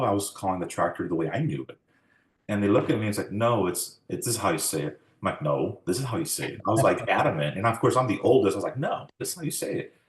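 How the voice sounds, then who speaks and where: A man's voice: on the low side, reverberant. A man in his forties in an oral history interview, telling family stories in a reflective way and acting out the dialogue. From United States. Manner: reflective storytelling, acts out quoted dialogue.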